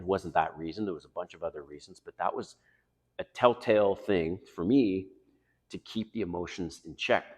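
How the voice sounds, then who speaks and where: A middle-aged man giving dating advice in a casual monologue, blunt and confessional, swinging between loud emphatic stretches and quiet asides. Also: sits low, long reverb tail.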